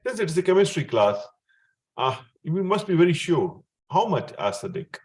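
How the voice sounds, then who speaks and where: A man's voice: a little high, big pitch swings, moderate pace. A man with an Indian English accent teaching a chemistry lesson, explaining step by step and often checking in with his student. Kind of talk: explanatory classroom lecture.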